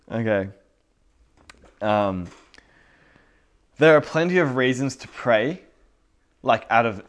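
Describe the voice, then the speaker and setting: Earnest, chuckling male preacher. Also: lowish voice. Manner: earnest, conversational, laughs often. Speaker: pastor. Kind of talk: sermon.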